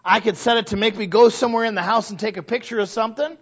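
High-voiced man preaching a folksy sermon. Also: steady tone, fast, breathy edge. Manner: conversational preaching, builds to loud exhortation. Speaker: pastor. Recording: dull lo-fi recording.

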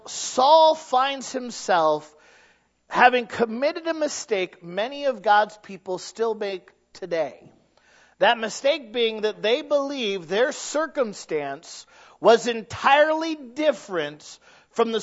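A man's voice: high voice, a bit bright, lo-fi sound. A man teaching a Bible study, reading scripture aloud and adding casual asides with frequent "uh" fillers.

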